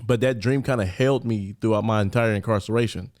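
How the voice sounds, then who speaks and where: Animated male podcast guest telling stories. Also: fairly low pitch, a little fast. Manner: animated, acts out quoted voices, many "like" fillers. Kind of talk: conversational storytelling.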